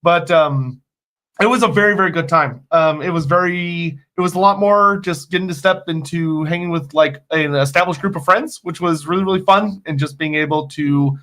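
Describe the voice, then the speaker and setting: A man chatting as a guest, enthusiastic and laughing, with halting restarts. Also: on the high side, fairly bright tone. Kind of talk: casual chat.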